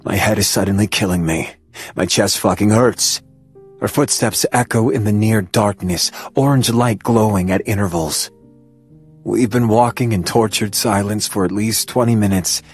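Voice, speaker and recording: Male audiobook narrator, husky, low, intense first-person telling. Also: a little slow, long pauses, soft background music.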